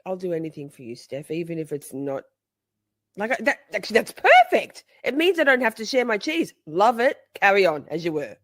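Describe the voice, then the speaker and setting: A woman's voice: a little high, no echo, studio quality. A woman hosting a live stream, chatting casually with viewers. She is playful, laughs often, swears freely and talks straight to her audience. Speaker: livestream host.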